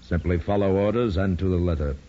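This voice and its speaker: A man's voice: deep voice, a little fast, dark tone. A man playing a commanding communist spy chief in an old radio drama, giving curt, clipped orders. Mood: stern. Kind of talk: 1950s radio drama acting. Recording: dull lo-fi old radio recording with faint hiss.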